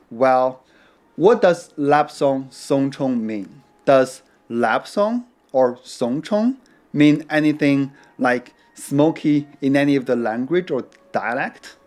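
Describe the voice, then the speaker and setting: Male tea educator, mid-pitched, very slow and deliberate delivery with light playful asides, faint music bed. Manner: measured, unhurried explanation with playful asides. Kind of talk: scripted educational narration.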